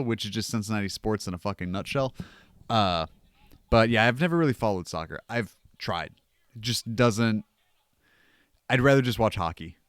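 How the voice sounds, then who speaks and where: A man's voice: medium pitch, clear, resonant tone, dry recording. A young man from the United States hosting a casual watch-along stream, ranting and rambling with plenty of swearing. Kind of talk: casual livestream chat. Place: home room.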